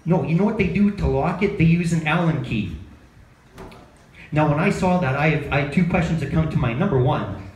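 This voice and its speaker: A man with a slightly high, slightly mellow voice speaks briskly during an open mic stand-up set at a bar comedy night. He's self-deprecating and quizzes the crowd, then chats about how the set went, with the bar room echoing and faint ambience behind him.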